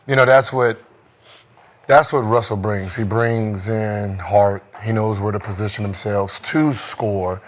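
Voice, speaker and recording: A man with a fairly low voice talks through a basketball game in loose, rambling podcast chat. He leans on "you know" constantly and drifts between thoughts. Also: fairly even intonation, a little slow. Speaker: podcast co-host, former basketball player. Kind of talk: casual sports chat.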